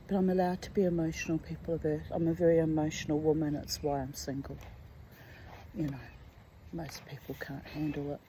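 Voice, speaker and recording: A woman's voice: sits low, flat delivery, brisk, mellow, a little hiss or hum, poor audio. A middle-aged woman talking candidly and emotionally in a rambling personal monologue, dropping to a whisper on some asides. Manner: candid, emotional and chatty, drifting between topics. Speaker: vlogger.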